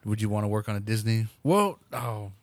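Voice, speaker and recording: Low-voiced man asking short questions. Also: animated, a little fast, no room sound. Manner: short reactions and brief questions. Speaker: interviewer. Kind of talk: casual interview chat.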